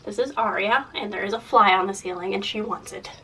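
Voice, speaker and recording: A young woman getting over a cold, chatting casually to camera about makeup, rambling and self-deprecating, clearing her throat often. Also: medium pitch, a little fast, bright, forceful tone, distant mic, slight background noise, rough recording. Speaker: beauty vlogger. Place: room in a house.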